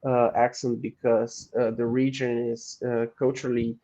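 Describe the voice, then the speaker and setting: A man learning English as a second language, talking in an online lesson with many hesitant pauses. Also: mid-range voice, level tone, warm tone, muffled recording. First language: not English. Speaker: English student. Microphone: video call.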